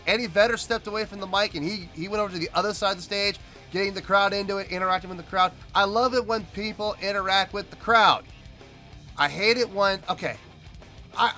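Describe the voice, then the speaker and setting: A man's voice: high voice, bright, forceful tone. A man hosting a music reaction video, talking emphatically and repeating himself as he rants.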